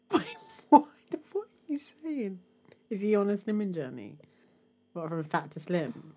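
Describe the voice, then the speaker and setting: A young woman co-hosting a casual podcast chat, animated and laughing as she acts out quotes. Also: medium pitch, a little slow. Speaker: podcast co-host.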